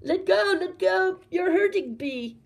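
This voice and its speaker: A woman's voice: medium pitch, lively intonation, brisk, gravelly, a little mellow, slight background noise. A woman voicing a curious, very polite young male elephant calf in a storytime read-aloud. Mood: nasal, pained. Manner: very polite, eager.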